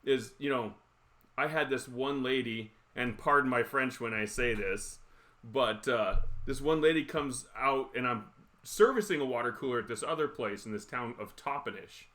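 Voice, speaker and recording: A man in his thirties hosting a livestream, telling stories in casual chat, animated and quick to laugh. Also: medium pitch. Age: 30s. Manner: animated, laughs often, acts out quotes. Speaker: livestream host.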